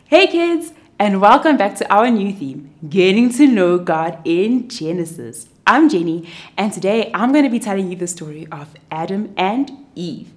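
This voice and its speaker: Animated young woman telling a Bible story to kids. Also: medium pitch, normal speed. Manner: animated, expressive storyteller for children. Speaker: children's church teacher. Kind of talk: kids' Bible story narration.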